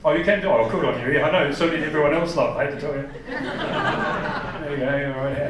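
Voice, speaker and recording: A man's voice: on the high side, fast talker. A man of about forty, doing brash stand-up comedy and bantering with the crowd on a theater stage. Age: 40s. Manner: brash, swearing, talks to the crowd. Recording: echoey theater from far off. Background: audience laughter.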